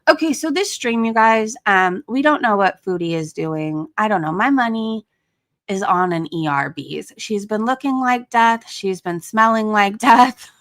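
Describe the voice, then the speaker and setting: A middle-aged woman talks casually as a livestream host from home, chatty and loose, stopping often to greet viewers by name. Her voice sits at an ordinary pitch for a woman. The sound is dry and close, with little room behind it. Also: lively intonation, moderate pace, fairly bright tone, no echo. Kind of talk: casual chat.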